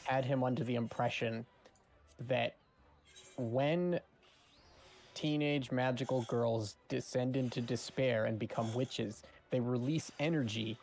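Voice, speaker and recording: A man streaming, chatting casually and telling animated stories with frequent laughs. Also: mid-range voice, measured pace, gravelly. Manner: animated storyteller, laughs often. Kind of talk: casual chat.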